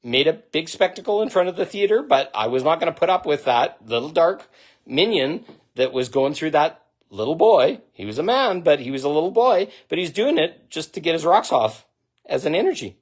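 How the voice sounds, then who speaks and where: A man's voice: big pitch swings, normal speed. Blunt, profane, impassioned man. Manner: blunt, profane and impassioned, swinging between loud outbursts and low intensity. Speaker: spiritual vlogger. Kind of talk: direct-to-camera monologue.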